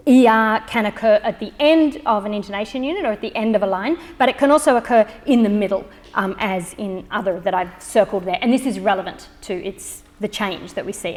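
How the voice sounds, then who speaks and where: A woman giving a public lecture, explaining charts in a measured way with frequent fillers. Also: mid-range voice. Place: library lecture hall. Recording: long reverb in a lecture hall.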